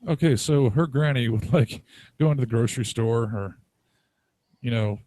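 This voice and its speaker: A man's voice: medium pitch, normal speed, dark tone, no room sound. A man co-hosting a casual chat, talking in a rambling, crude way and laughing often. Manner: rambling, crude, laughs a lot, acts out quotes. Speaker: podcast co-host.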